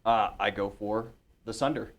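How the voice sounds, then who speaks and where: A man playing a tabletop game, relaxed and casual, counting out dice rolls aloud. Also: lowish voice, moderate pace. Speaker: player.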